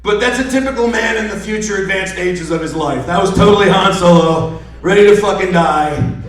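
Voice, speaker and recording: High-voiced man, profane sarcastic stand-up rant, very echoey room, far from the mic. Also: fairly quick. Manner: ranting, sarcastic, heavy swearing. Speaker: stand-up comedian. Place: live comedy venue.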